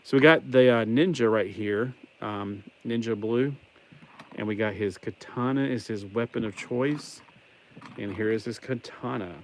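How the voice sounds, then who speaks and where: A man with a mild Southern American accent rambles through a casual livestream while building a toy set, cracking wordplay jokes. His voice sits a little low. A faint hiss runs under the recording. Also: a little slow. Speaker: livestream host. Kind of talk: casual live building chat.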